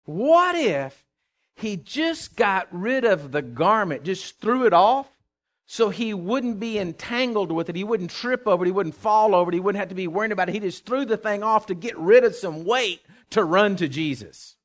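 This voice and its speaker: A man preaching a sermon, emphatic, with call-and-response, swinging from loud to hushed. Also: sits high, lively intonation, moderate pace. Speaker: pastor.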